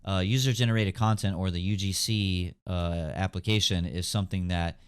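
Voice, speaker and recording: A man's voice: low voice, fairly even intonation, moderate pace, clear, resonant tone. A young man hosting a casual gaming podcast, rambling with lots of fillers and hedges. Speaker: podcast host. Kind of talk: casual chat.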